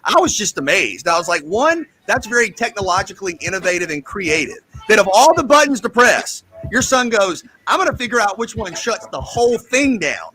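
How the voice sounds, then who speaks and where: A man hosting a radio show, telling a teasing story in a casual, animated chat. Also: high voice, fairly quick, hardly any pauses, a little hiss or hum, poor audio.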